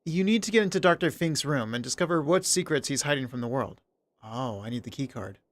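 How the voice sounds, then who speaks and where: A man's voice: mid-range voice, lively intonation, brisk, no room sound. Casual male streamer reading game text. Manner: casual, reads narration aloud, talks to himself. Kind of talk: let's play commentary and reading game text. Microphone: desk mic on an arm.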